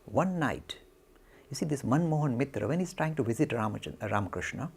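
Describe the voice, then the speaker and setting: A man giving a spiritual talk, telling a story in an animated way and acting out the quotes. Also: medium pitch, fairly quick, creaky, husky. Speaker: lecturer.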